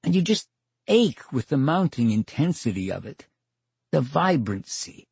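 A slightly husky older man appears as a radio interview guest, spinning anecdotes a little slowly in a darkish, very animated voice whose pitch swings as he plays out each exchange. Wry and theatrical, he performs the dialogue, captured in a dry, close studio recording.

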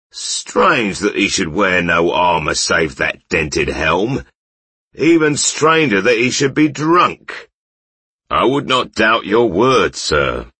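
A man's voice: low-pitched, sharp tone, husky, dry recording, voice pushed up, heavily acted. A man voicing a bearded bandit leader who mocks with false courtesy. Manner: mock-courteous, jeering. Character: menacing bearded bandit leader, mocking, polite.

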